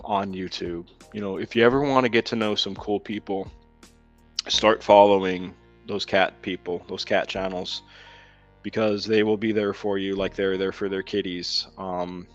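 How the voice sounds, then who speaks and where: A man hosting a casual live stream, rambling with lots of ums while reading viewers' comments aloud. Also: lowish voice. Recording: dull lo-fi sound with faint music.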